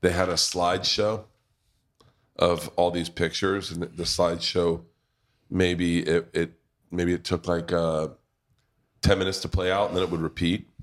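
A man hosting a casual chat in a pub, telling a family story with frequent laughter. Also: sits low. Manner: storytelling, laughs often, restarts. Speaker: podcast host.

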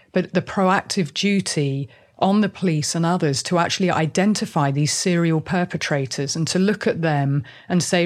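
A woman hosting an interview, speaking earnestly and emphatically. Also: on the low side. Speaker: interview host and advocate. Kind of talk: interview commentary.

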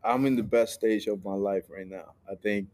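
A man's voice: lowish voice, fairly even intonation, normal speed, warm tone. A man from Puerto Rico, a ballplayer, answering interview questions in an easygoing way, often laughing and restarting his sentences. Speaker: guest ballplayer.

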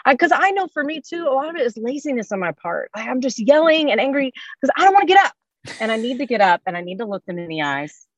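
A woman's voice: sits high, big pitch swings, fast, no room sound. A woman hosting a podcast, chatting and often murmuring agreement. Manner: supportive, frequent murmured agreement. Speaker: podcast host. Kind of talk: podcast conversation. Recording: slightly dull lo-fi audio.

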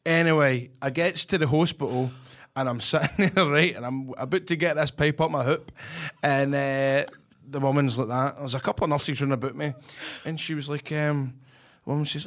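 Co-hosting a laid-back podcast, a Scottish man in his thirties swaps stories, swears, teases and laughs. His voice sits on the high side, fairly bright, with a steady tone and moderate pace.

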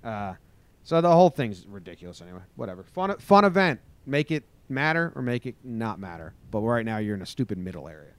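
A man's voice: fairly low pitch, big pitch swings, brisk. A man hosting a casual sports and news podcast, loose and joking, tossing sarcastic asides after each headline. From New Jersey. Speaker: podcast host.

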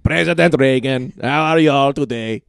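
A man's voice: medium pitch, normal speed, vocal fry, clean tone, no echo, studio quality, pitched above the performer's own voice, natural voice. A man playing a stiff, hesitant male president in an improv comedy bit, repeating himself. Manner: hesitant, repetitive.

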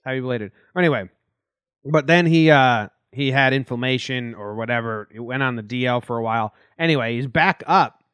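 A man's voice: mid-range voice, fairly quick, fairly bright tone, clean tone, no echo. A man with a mid-range voice, co-hosting a casual sports podcast. He talks offhandedly and loosely, dropping curse words along the way. The recording is dry and close. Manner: offhand, casual, swears freely. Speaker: podcast co-host.

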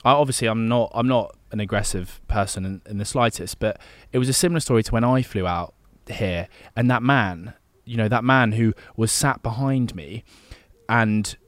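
A man's voice: lowish voice, normal speed, no echo. A young man co-hosting a podcast, chatty and supportive, mimicking people in his stories. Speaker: podcast co-host. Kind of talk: casual podcast chat.

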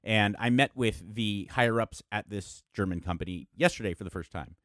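A man's voice: on the low side, brisk, a bit bright, dry recording, clean studio sound. A middle-aged man, a podcast guest, telling stories animatedly in casual chat and swearing freely.

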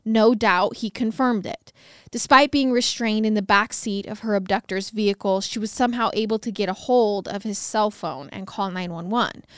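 A woman's voice: mid-range voice, moderate pace, fairly bright tone, clean tone, no echo, clean studio sound. A woman co-hosting a podcast, narrating a true-crime case in a conversational way with wry asides. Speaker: podcast co-host.

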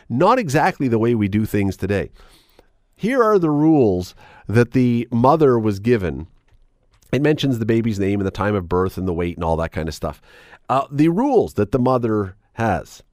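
A man's voice: mid-range voice, darkish tone, dry recording, studio quality. A man hosting a radio talk show, chatting wryly and reading items aloud with sarcastic asides. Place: radio studio. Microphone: studio microphone.

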